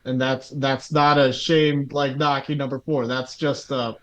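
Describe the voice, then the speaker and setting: Co-host, male, average pitch, halting, rambling casual talk. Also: little pitch movement. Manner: hesitant, rambling. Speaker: podcast co-host. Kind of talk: casual chat.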